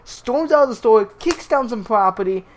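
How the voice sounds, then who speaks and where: A man's voice: very high-pitched, expressive, moderate pace, slight background noise. A young man commenting on clips, swearing constantly and stumbling over his words as he restarts them. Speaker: YouTube commentator. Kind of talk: profane rant commentary.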